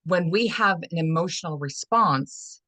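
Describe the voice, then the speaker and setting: A woman's voice: fairly low pitch, expressive, a little slow, pushed and bright, no echo. A woman coaching guest telling a candid, frank personal story, restarting her phrases as she goes. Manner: earnest, frank, with frequent restarts. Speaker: holistic fitness and life coach guest.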